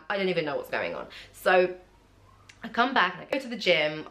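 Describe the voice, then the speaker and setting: A young woman talks casually to the camera, retelling a personal story. Her pitch swings widely, leaping up high whenever she acts out what someone said. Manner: animated, acts out quotes in a jumpy high voice. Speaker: vlogger.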